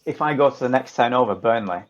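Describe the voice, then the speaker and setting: A podcast guest from northern England chats casually in a Lancashire accent, joking around and swearing. His voice is medium-pitched and fast, and the sound is lo-fi.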